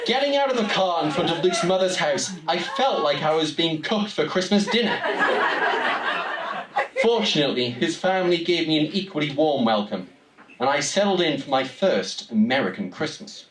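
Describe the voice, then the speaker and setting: A man's voice: fairly high pitch, expressive, moderate pace, heavy background noise. A young man from Newcastle with a Geordie accent, telling a wry, comic story live on stage in a small venue. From Newcastle, England. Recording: roomy room, distant mic, audience.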